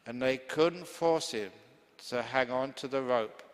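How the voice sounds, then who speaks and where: A man's voice: medium pitch, unhurried. A man, a Buddhist monk teacher, giving a humorous, chatty dharma talk full of stories. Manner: humorous, chatty, laughing easily. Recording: long hall reverb.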